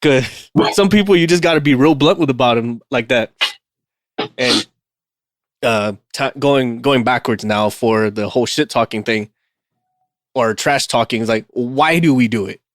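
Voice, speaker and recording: A male podcast co-host swaps stories in loose, casual chat. He talks in an animated way, laughs a lot and swears freely. His mid-range voice sits on a dry, close recording. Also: medium pitch, a little slow, dry recording.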